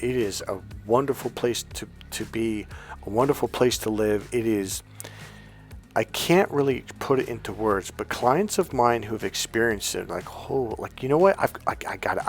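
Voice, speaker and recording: A man's voice: mid-range voice, darkish tone. A man, a life coach, telling a story to his viewers in a rambling, chatty way full of fillers and restarts. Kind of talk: casual storytelling monologue to viewers.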